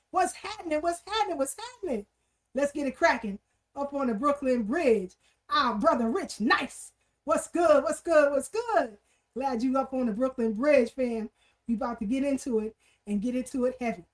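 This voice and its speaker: A woman with a high-pitched voice hosts a casual livestream at a moderate pace, energetically greeting viewers with shout-outs and chat, repeating her hellos.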